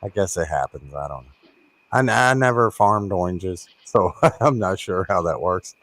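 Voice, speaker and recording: A man's voice: low voice, animated, normal speed, a bit bright, dry recording. A man from Kentucky and Florida hosting a casual live stream chat, laughing often and telling stories with animation. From born in Kentucky, raised in Florida. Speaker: host.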